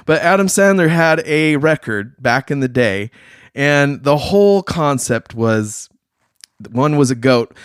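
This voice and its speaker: Animated slangy talk-show host man. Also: on the high side, smooth, dry recording, clean studio sound. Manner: animated, slangy, mimics people in quick voices. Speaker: podcast host. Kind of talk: casual chat.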